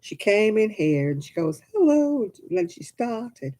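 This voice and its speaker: A woman's voice: on the low side, lively intonation, measured pace, a little mellow, low-quality recording. An older woman, chatting and telling stories with a giggle while she crafts over a video call from home. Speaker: craft stream host. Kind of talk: casual chat while crafting.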